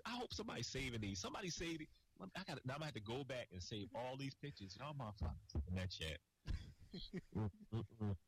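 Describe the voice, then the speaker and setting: A man co-hosting a wrestling podcast in casual chat, loud and profane, laughing often. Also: medium pitch, very animated, quick pace, a little hiss or hum, rough recording. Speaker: podcast co-host.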